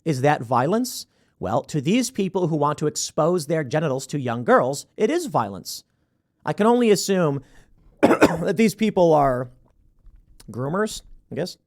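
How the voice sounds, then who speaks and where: A man's voice: a little high, very animated, a little slow. A man hosting a show, giving emphatic political commentary with sarcastic asides.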